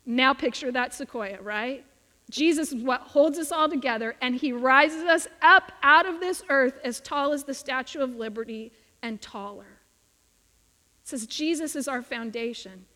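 A woman delivers a sermon in an earnest, emphatic way, her voice sitting high and moving at an unhurried pace. A long reverb trails behind her words, as in a church sanctuary. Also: sharp tone. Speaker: preacher.

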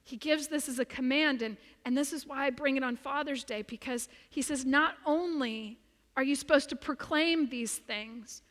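High-voiced woman pastor preaching. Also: normal speed, a bit bright. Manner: earnest, emphatic preaching with repetition. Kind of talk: sermon. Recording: long reverb of a large room.

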